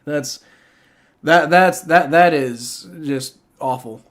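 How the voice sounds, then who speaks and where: A man's voice: fairly high pitch, slow pace, fairly bright tone. A man live-streaming a game reaction, ranting in exasperation with heavy profanity and frequent stammering restarts.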